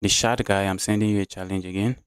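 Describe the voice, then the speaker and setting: A man's voice: sits low, fairly even intonation, quick pace, smooth, no echo. A man with a Nigerian English accent, streaming chess live, talking through his moves and answering his chat in a chatty way.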